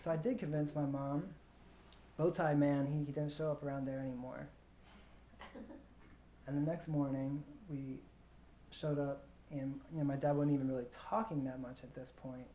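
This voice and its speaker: A man's voice: fairly high pitch, little pitch movement, moderate pace, pauses often, dark tone. Casual man telling a story on stage. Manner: casual, slangy, with many fillers and restarts. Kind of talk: live personal storytelling. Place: stage in front of an audience. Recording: roomy hall echo, faint room noise.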